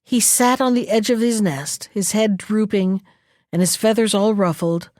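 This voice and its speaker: A woman storyteller reads a folktale aloud in a clear, expressive way. Her voice sits at an everyday middle pitch. The sound is dry and close, with no room. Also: normal speed, no echo. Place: library.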